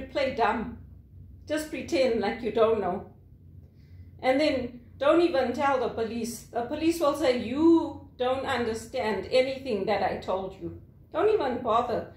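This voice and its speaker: High-voiced woman, echoey room. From Zimbabwe. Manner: animated, mimics angry callers, laughs often. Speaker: call center worker. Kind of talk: candid personal monologue.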